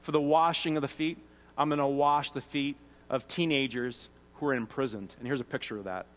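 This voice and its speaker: A man's voice: medium pitch, fairly even intonation, a little fast. A man giving a sermon as a pastor, earnest and conversational, often restarting phrases. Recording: long hall reverb.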